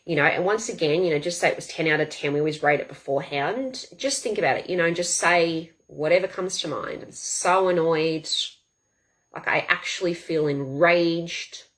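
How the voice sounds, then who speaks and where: A woman guiding a tapping session, saying affirmations aloud in a slow, deliberate rhythm. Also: low voice, fairly bright tone. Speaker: tapping coach. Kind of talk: guided tapping demonstration.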